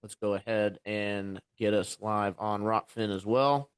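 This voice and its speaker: A man's voice: on the low side, fairly even intonation, unhurried, smooth, no echo. Argumentative man hosting a live debate. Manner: argumentative, earnest, pushes back. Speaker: host.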